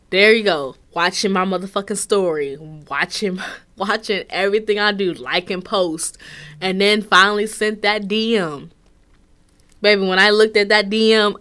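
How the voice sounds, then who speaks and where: Profane, animated woman podcast host. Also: medium pitch. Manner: profane, animated storytelling with frequent laughs. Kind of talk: casual podcast monologue.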